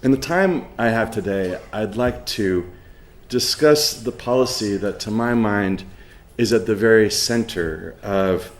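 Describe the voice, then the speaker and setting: A middle-aged man giving a lecture, halting with many ums and uhs, with a dry sense of humor. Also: fairly low pitch, reverberant. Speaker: professor giving a conference talk. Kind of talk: spoken lecture with an anecdote.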